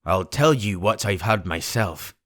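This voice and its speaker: A man voicing a stern, blunt sea captain who speaks in clipped, deliberate sentences. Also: lowish voice, lively intonation, a bit bright, dry recording, clean studio sound. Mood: firm.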